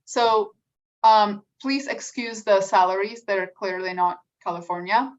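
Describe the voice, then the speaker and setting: A woman's voice: medium pitch, fairly even intonation. Woman coaching from across a room. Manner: conversational, drawn-out emphasis with fillers. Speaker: career coach. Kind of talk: workshop talk on salary negotiation. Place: meeting room. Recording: distant, dull lo-fi room recording.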